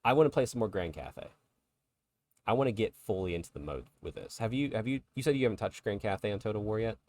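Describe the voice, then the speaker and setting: Low-voiced man in a dry close-miked chat. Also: fast, dry recording. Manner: relaxed, chatty, laughs along. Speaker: podcast co-host. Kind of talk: casual chat.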